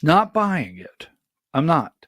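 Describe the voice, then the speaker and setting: On his political livestream, a man with a fairly bright, high-leaning voice offers blunt, skeptical commentary in rambling asides. He's very animated yet takes it slowly. The studio sound is clean with no echo.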